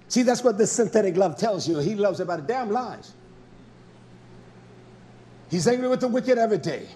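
A man delivers a fiery sermon in a strikingly high voice that leaps up and down with animated swings. He scolds and confronts his listeners, hammering them with rhetorical questions. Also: fairly quick, pauses often, slight background noise. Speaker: preacher.

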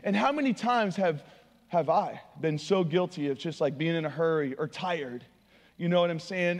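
A young man preaching an informal sermon in a church, casual and slangy, talking in quick conversational bursts. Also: high-pitched, a little mellow. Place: church sanctuary. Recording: long hall reverb.

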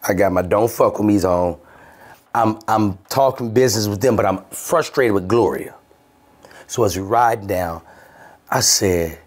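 A man hosting a podcast, telling a comedic story in an animated, profane way. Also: on the low side, a little slow. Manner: animated, profane, swaps between voices. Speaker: podcast host.

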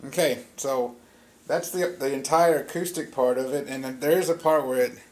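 A man's voice: medium pitch, moderate pace. A man giving a casual step-by-step guitar lesson, explaining chord shapes plainly and easygoingly. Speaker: guitar teacher. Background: acoustic guitar being played.

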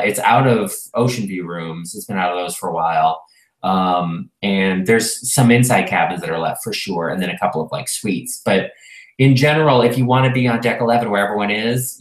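A man co-hosting a casual talk show, chatting and rambling with lots of fillers. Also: on the low side. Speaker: podcast co-host. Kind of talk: casual chat. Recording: roomy echo.

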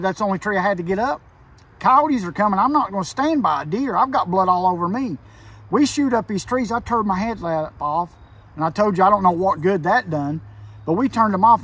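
A man's voice: high-pitched, a bit bright, husky, recorded from a distance. A man telling a frightening hunting story in rural dialect, tense and emphatic, heard over a phone call. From Kentucky. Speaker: hunter telling an encounter. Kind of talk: casual storytelling.

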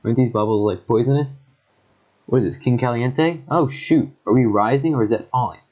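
A young man giving casual, joking gameplay commentary with quick excited reactions and sarcastic asides. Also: mid-range voice, lo-fi sound. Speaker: gaming YouTuber. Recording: faint background music.

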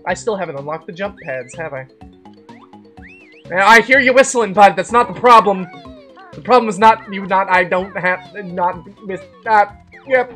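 Soft music plays behind a Canadian woman's medium-pitched, fairly bright voice as she streams a game at a normal speed. She's expressive and rambles through casual chat, joking around and cursing plenty.

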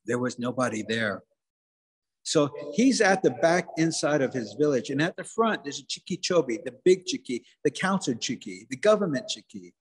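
A man tells a traditional folktale aloud, building it with rhythmic, repeated phrases. His voice is husky and sits fairly high. It rings with a long reverb, as in a hall. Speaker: storyteller, museum director. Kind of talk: oral folktale telling.

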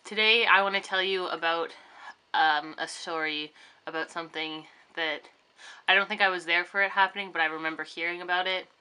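A young woman talks straight to a camera set up in her bedroom, chatty and rambling with plenty of ums and likes. Her voice sits low but sounds bright and clear, and she wanders from thought to thought. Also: fairly even intonation, fairly quick. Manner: chatty, rambling, full of fillers. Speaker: vlogger. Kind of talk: casual vlog chat. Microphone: camera on a tripod facing her.

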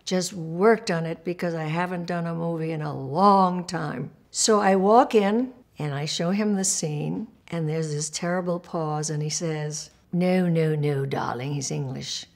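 An older woman in a documentary interview, telling stories from her career in an animated way, acting out the people she quotes and laughing often. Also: lowish voice, a little slow, few pauses. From Puerto Rico.

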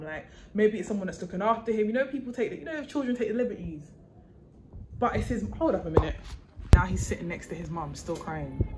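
A young woman vents in disbelief. She talks into a phone in a slangy, fired-up way. Steady hiss and clutter hang under her voice. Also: mid-range voice, fast. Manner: exasperated, incredulous, slangy. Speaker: vlogger. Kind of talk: casual ranting vlog. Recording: noisy phone recording.

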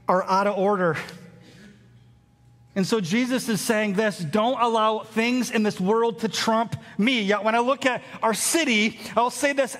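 A man's voice: very high voice, bright, forceful tone. A man, preaching a sermon as pastor in a conversational storytelling way. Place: large church hall. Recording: hall reverb.

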